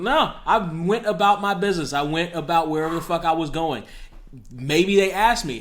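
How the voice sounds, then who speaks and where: Blunt man with a slightly higher voice. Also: normal speed, a bit bright. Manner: blunt, emphatic commentary. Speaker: podcast co-host. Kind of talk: casual chat.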